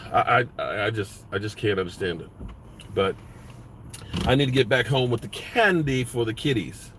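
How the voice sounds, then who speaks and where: A man's voice: mid-range voice, expressive, a little slow, pauses often, a bit bright, a little hiss or hum. A man hosting a sports vlog, ranting bluntly with lots of profanity. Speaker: sports vlogger.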